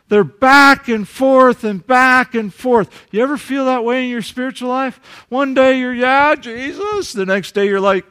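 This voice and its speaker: A pastor with a Southern US accent preaches, shifting between loud, emphatic rises and quiet asides. His voice is very high and smooth.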